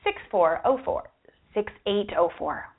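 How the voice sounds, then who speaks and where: A woman's voice: mid-range voice, lively intonation, unhurried, slight background noise. A young adult woman co-hosting a radio show in casual, bubbly, giggly chat. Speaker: radio co-host. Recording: tinny phone-like broadcast audio.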